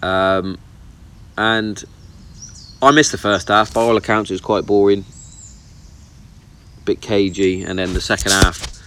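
A man's voice: deep voice, steady tone, measured pace, pauses often, fairly bright tone, slight background noise. A man chatting casually and bluntly about football on his vlog, swearing freely as he gives his opinions. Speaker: vlogger. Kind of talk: casual chat. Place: outdoors in the countryside. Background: birdsong and outdoor ambience.

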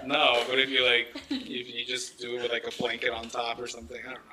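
A man's voice: mid-range voice, flat delivery, quick pace, background noise. A young man joking and swearing freely in a casual chat among friends.

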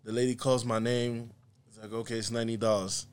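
A man's voice: medium pitch, fairly quick, clear, resonant tone. A man who grew up in the United States, a podcast guest telling a story in casual conversation and acting out what other people said. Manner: animated, acts out other people's lines. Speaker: podcast guest, comedian and musician.

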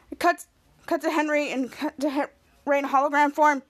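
A woman's voice: high-pitched, steady tone, brisk. A woman podcast host recapping a TV episode in a rambling play-by-play with filler hums.

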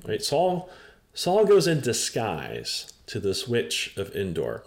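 A male pastor delivering a sermon as a lively story, his pitch rising and falling widely as he drives home each point. He talks with frequent uh's, chuckles at the comic moments, and slows down for emphasis. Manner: animated storyteller, chuckling, many fillers.

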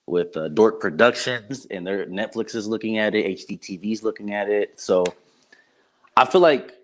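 Young man, very low voice, video call guest, halting with ums and restarts. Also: a little hiss or hum. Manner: many ums and self-restarts. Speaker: guest actor, former running back. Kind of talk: casual interview chat.

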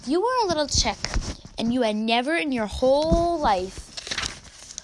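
A clever, slightly impatient little boy from a read-aloud storybook, played by a woman, pitched high with a quick, bouncy delivery. A faint hiss runs underneath. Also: animated. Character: lively young boy, clever and a bit impatient.

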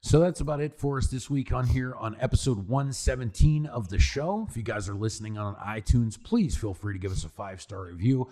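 Animated, swearing male podcast co-host. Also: medium pitch, a little fast, hardly any pauses. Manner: animated, profane, says "dude" and "like" a lot. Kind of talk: casual podcast banter.

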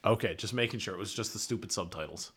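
Husky-voiced man chatting about movies. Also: lowish voice, quick pace, fairly bright tone. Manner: easygoing, swears casually, fond of the film. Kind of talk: casual movie commentary chat.

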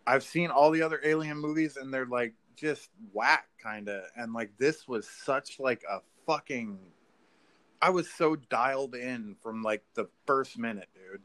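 A man in casual podcast chat, rambling excitedly through a story with lots of filler words and swearing. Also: medium pitch, a little slow. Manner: rambling, profane, filler-heavy, says "like" and "dude".

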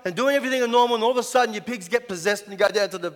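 A man's voice: high voice, very fast. A man preaching a sermon as pastor, chatty, with lots of rhetorical questions. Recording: echoey hall.

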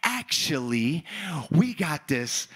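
A young male pastor telling a story in a sermon, acting out dialogue with loud, animated outbursts. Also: a little high, takes it slowly.

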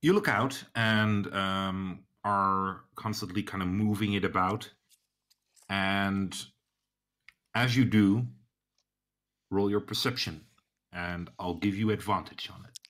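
A man narrating as game master of a tabletop game, slow and hesitant with many fillers. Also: low-pitched, fairly even intonation, a bit bright.

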